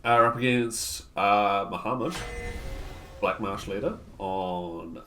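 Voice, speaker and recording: A man's voice: lowish voice, slow pace, fairly bright tone, soft background music. A man streaming a card game, thinking aloud in a wry, self-mocking, casual way. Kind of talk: casual gameplay commentary.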